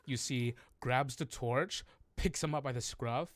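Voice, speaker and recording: A man narrating as game master of a tabletop game, halting and restarting often. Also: mid-range voice, no room sound.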